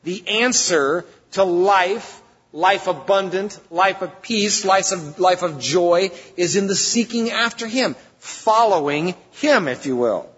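A man's voice: high-pitched, takes it slowly, fairly bright tone, breathy edge. A man preaching a sermon as pastor, speaking emphatically and conversationally, with sudden bursts of force. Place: church sanctuary. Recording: dull lo-fi church recording with long reverb.

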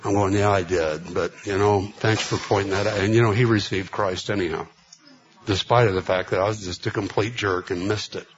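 A preacher gives a storytelling sermon, rambling through long personal anecdotes packed with fillers and acted-out, quoted dialogue. His voice is lowish and fairly even in intonation, his pace fairly quick, and the recording has its highs cut off.

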